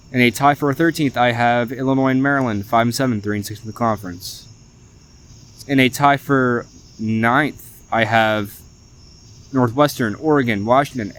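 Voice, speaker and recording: A young man with a drawl talks through a solo sports podcast in a chatty, animated way at a middle pitch. He tosses in "y'all" as he runs down his picks. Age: young adult. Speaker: podcast host. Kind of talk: casual sports podcast monologue.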